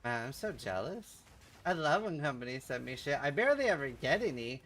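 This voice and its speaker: A man's voice: mid-range voice, big pitch swings, fairly quick, fairly bright tone, a little hiss or hum. A man from Norway, chatting casually with his livestream audience, bantering and swearing freely. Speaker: streamer.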